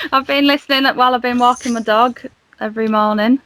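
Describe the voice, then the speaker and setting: A woman's voice: high-pitched, big pitch swings, unhurried, fairly bright tone, a little hiss or hum. A woman guesting on a comedy podcast, giggly and self-deprecating as she chats. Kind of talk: casual comedy chat.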